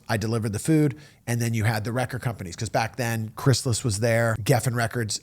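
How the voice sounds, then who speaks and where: A middle-aged man telling a personal story in a casual, animated way, acting out the people in it. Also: mid-range voice. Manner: animated, acts out quoted voices.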